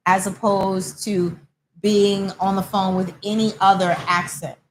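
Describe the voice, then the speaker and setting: A woman hosts a relaxed conversation in a busy salon, acting out the people in her stories as she talks. Her voice sits in the middle of the range. A faint hum runs underneath. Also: mid-range voice, measured pace, poor audio. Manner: animated storyteller, acts out quoted callers. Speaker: host. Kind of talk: casual chat. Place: hair salon.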